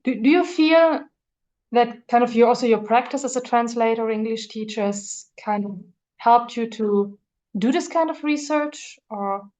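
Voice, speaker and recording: A woman's voice: on the high side, unhurried, a little mellow. A woman hosting an interview, asking thoughtful, tentative questions in a conversational way. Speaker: interviewer host.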